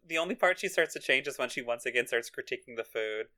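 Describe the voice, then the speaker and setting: A woman's voice: rumbling low, animated, quick pace, pushed and bright. Woman co-host, casual recap chat, laughs through her retelling. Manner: giggly, laughs often while retelling scenes. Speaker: podcast co-host.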